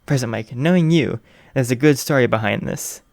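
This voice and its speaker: A man voicing a loud, brash male radio host who exclaims and jokes wryly. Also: medium pitch, normal speed, gravelly, dry recording, clean studio sound, lightly acted.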